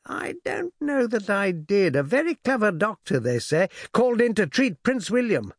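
A man's voice: high-pitched, sing-song, normal speed, no echo, voice pushed up, heavily acted. A genial old navy lieutenant chats heartily, his voice moving up and down a lot, as a man acts him out. It is a dry, close storybook reading. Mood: gossipy. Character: genial older naval lieutenant and father, gossipy.

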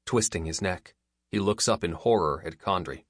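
A man narrating a story in a measured, even way, as an audiobook reader. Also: low voice, no echo, studio quality. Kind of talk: scripted narration.

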